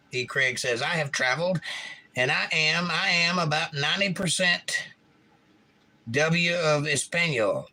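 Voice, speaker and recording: A man runs a laid-back evening livestream, reading viewers' comments aloud and riffing on them with playful jokes. His voice sits a little high for a man and sounds bright and forceful. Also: rough recording. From Florida. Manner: jokey, reads chat aloud with goofy voices. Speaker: livestream host.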